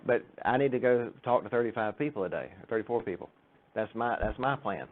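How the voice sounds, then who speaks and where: A man with a medium-pitched voice talks briskly through an informal church talk, chatty and joking as he acts out the people in his stories. The recording has a tinny, phone-like sound.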